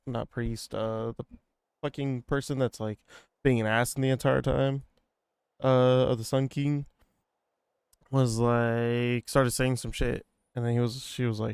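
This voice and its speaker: A man's voice: medium pitch, little pitch movement, measured pace, vocal fry, darkish tone, clean tone, no echo. A man casually recapping a video game for viewers, rambling and swearing, with lots of fillers. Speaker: gaming streamer. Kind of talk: let's-play recap commentary.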